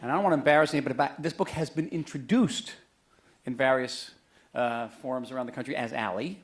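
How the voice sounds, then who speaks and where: A middle-aged man giving a book talk to a live audience in a museum auditorium, chatty and joking, telling stories with lively emphasis. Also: medium pitch, fast talker. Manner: conversational, joking, animated storytelling. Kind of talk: public lecture to an audience.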